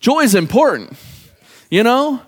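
A man preaching a sermon to his congregation, halting and repeating words as he calls out to the church. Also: extremely high pitch, sing-song, husky. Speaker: pastor. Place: church sanctuary. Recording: church hall with long reverb.

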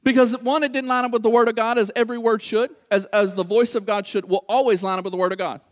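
Speaking fast in a very high-pitched voice, this middle-aged preacher animatedly acts out small dialogues during his sermon and repeats words to stress them.

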